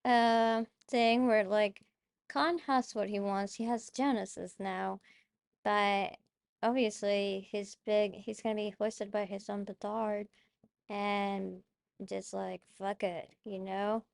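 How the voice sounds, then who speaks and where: Speaking slowly in a level, gravelly, medium-pitched voice, a woman hosts a podcast about a movie she loves. The chat is casual and rambling, full of fillers, with free swearing and emotional moments.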